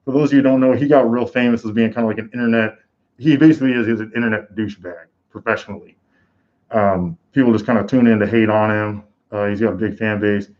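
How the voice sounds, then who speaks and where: A man's voice: lowish voice, steady tone, fast talker, dull audio. A man hosting a live combat sports reaction stream, talking in a casual, rambling way with lots of fillers. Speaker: host.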